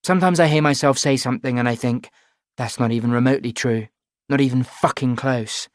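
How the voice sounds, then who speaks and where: A guarded, sharp-tongued teenage girl fires back sarcastic retorts in an audiobook, as a male reader puts her on. Her voice is raised above his own and pushed a little louder. The recording is dry and close. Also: medium pitch, fairly even intonation, no echo, natural voice. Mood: defiant. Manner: defiant, sarcastic, quick retorts. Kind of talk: audiobook reading.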